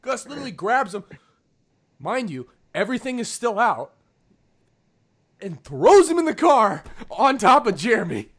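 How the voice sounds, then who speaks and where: A young man with a rather high voice that leaps all over the place as he tells a story among friends. He acts out each quote in a louder, higher voice and laughs along the way. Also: sing-song, measured pace, pauses often.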